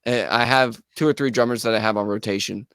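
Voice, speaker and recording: A man, a guest musician, telling a story in a casual, animated way and acting out the people in it. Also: lowish voice, fast talker, clear, resonant tone, dry recording, studio quality. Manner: animated, acts out quoted voices. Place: podcast studio.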